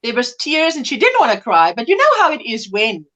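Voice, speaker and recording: High-voiced chatty woman in her fifties. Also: huge pitch swings, fairly quick, bright, forceful tone. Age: 50s. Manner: chatty, laughs often, drifts between greetings and stories. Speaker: livestream host. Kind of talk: casual chat reading viewer comments.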